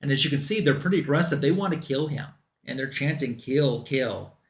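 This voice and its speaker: A man's voice: on the high side, fast talker, reverberant. A man recapping a comic book story in a loose, run-on way, quoting the characters as he goes.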